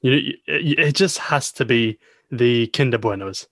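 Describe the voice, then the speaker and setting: Young co-host, playful banter, mid-pitched, dry close sound. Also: male voice, unhurried, a bit bright, no room sound. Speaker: podcast co-host. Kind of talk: casual chat.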